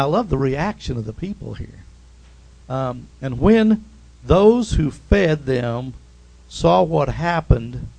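Gravelly-voiced man preaching a sermon. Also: a little high, rough recording. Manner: animated preaching with frequent amens.

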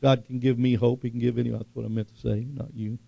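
A man's voice: mid-range voice, level tone, fast talker, creaky, dark tone, no echo. A man preaching a sermon, emphatic and repetitive, often putting questions to the congregation. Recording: dull lo-fi recording.

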